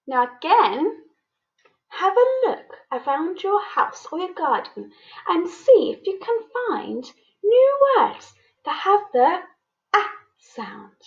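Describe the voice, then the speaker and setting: A woman's voice: extremely high pitch, sing-song, dull audio. A woman teacher giving a children's phonics lesson, coaxing young learners to repeat sounds with her. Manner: slow, sing-song, coaxing children to repeat. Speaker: primary school teacher.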